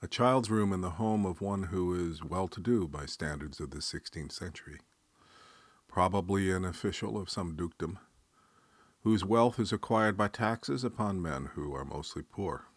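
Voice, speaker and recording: A man reading a dramatic story aloud in a measured, expressive way. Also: sits low, no room sound.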